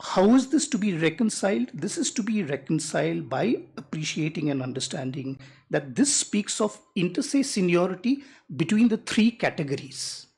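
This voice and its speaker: An advocate, making a measured, deliberate legal argument in a courtroom and reading rules aloud slowly. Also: mid-range voice, sing-song, vocal fry, a little mellow, breathy edge. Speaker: advocate arguing before a judge.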